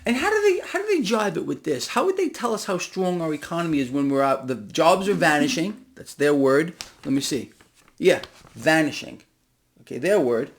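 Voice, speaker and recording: A man delivering a heated, sarcastic solo rant about markets and the economy, often climbing to loud emphatic bursts. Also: on the high side, very animated, moderate pace. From United States. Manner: emphatic, ranting, sarcastic, rising to near-shouting. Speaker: finance commentator. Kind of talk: impassioned solo market commentary.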